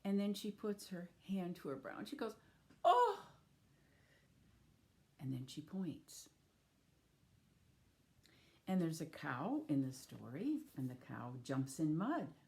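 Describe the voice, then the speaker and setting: A woman's voice: low-pitched, sing-song, a little slow, gravelly, warm tone. A woman reading picture books aloud to young children, inviting them to join in the actions and sound effects. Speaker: children's storyteller.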